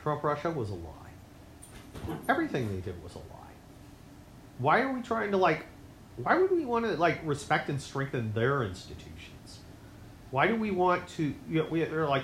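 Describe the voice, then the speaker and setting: A man hosting his own show, delivering a rambling, sarcastic political monologue that swings between loud outbursts and low mutters. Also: huge pitch swings, moderate pace, pauses often, reverberant, a little hiss or hum. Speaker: podcast host.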